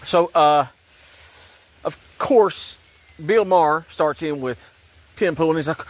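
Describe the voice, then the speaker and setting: A man's voice: on the high side, slow pace, pauses often, no echo. A man ranting in a sarcastic, repetitive way about religion and politics, rambling and restarting his sentences. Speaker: online commentator.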